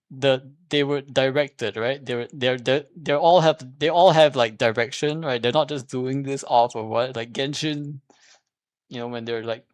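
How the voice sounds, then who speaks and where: A man's voice: a little high, no echo. Rambling, argumentative man, dry sound. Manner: rambling and argumentative, with many restarts and fillers; repeats "here's the thing" when making a point. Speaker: streamer. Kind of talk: casual spoken commentary.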